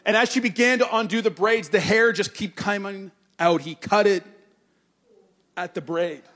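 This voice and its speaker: A middle-aged male pastor giving a sermon, telling a family story with animated quoted voices, then turning earnest and soft on scripture. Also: sits high, normal speed.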